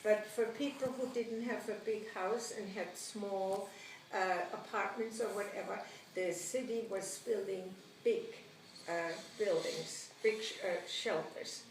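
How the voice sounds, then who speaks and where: An older woman, recounting her childhood in an animated oral-history interview, often laughing and acting out what people said. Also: mid-range voice, measured pace. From Germany. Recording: roomy, distant mic, faint noise.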